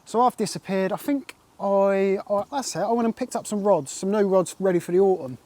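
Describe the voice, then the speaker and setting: A man, telling an excitable and rambling fishing story in a casual interview, full of "like" and "mate". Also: high voice, fairly quick. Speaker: carp angler recounting a catch.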